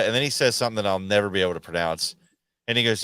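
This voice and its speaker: A man telling stories in a lively, slangy podcast chat, full of "dude" and "man". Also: mid-range voice, quick pace, clean tone, no echo. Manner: animated storyteller, slangy, says dude and man a lot. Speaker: podcast guest. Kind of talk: casual chat.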